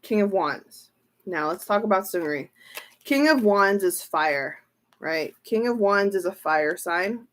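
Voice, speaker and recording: Slow-talking excitable woman tarot reader. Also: mid-range voice. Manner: excitable, exclaiming and repeating herself. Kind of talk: casual tarot reading livestream.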